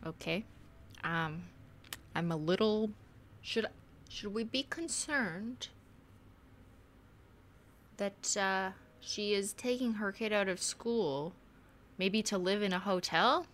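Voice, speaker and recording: A young woman chats through a live game stream with a bright, lively voice. She jokes loosely and reads on-screen text aloud as she goes. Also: medium pitch, slow pace, long pauses. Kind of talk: casual live game commentary.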